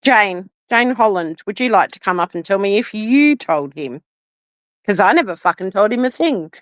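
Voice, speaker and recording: A woman's voice: medium pitch, animated, moderate pace, a bit bright, dry recording. Furious swearing woman, dry close sound. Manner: furious, swearing constantly, repeating demands. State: shaking with anger. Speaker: live streamer. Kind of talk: angry livestream rant.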